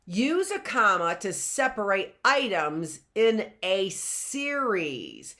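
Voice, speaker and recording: A woman's voice: mid-range voice, huge pitch swings, slow pace, pushed and bright. A middle-aged woman teaching a grammar lesson in a chatty way, often checking in with "right?" and laughing at herself.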